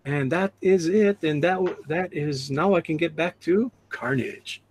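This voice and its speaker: A man's voice: a little high, measured pace, darkish tone. A middle-aged man hosting a live drawing stream, reading chat aloud and laughing often. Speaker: livestream host. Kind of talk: casual livestream chat.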